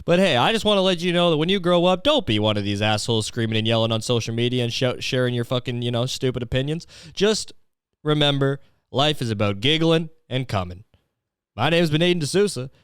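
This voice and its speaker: A man's voice: medium pitch, lively intonation, brisk, fairly bright tone, clear, resonant tone, no room sound, studio quality. Profane ranting male podcast host. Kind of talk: solo comedic rant.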